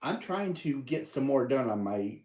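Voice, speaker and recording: A livestream host with an American accent casually reads viewer comments aloud and greets people by name. His medium-pitched voice swings widely in pitch, with a darkish tone and normal speed, and the room echoes.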